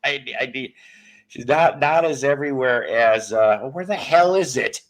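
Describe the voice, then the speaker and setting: A man in his late fifties hosts a relaxed livestream, wandering from one joke to the next and stopping to greet viewers by name. His voice sits at a middle pitch for a man. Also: a little slow. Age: 50s. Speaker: livestream host. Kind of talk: casual livestream chat.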